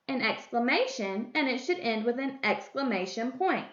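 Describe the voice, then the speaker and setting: High lively lady teacher, slow sing-song example sentences, echoey room, dull lo-fi sound. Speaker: first grade teacher. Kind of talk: slow, clear classroom instruction.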